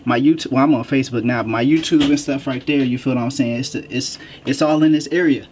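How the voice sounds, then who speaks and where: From his home office, a man hosts a casual gaming vlog for YouTube, a little out of breath as he addresses viewers directly in slangy speech full of asides. His voice is mid-range and darkish, fast, with fairly even intonation and a faint hiss or hum.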